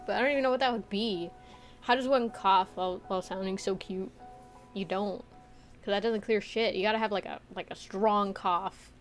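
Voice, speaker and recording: A woman's voice: mid-range voice, steady tone, moderate pace, long pauses, faint music behind. A young woman streamer chatting casually with viewers, rambling with lots of filler words, swearing and laughing often. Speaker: VTuber streamer. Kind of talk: casual chat reading viewer comments.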